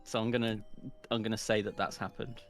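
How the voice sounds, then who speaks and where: A man's voice: on the low side, flat delivery, fairly quick, a bit bright, soft background music. A man playing in a tabletop game, mischievous and hesitant. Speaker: player.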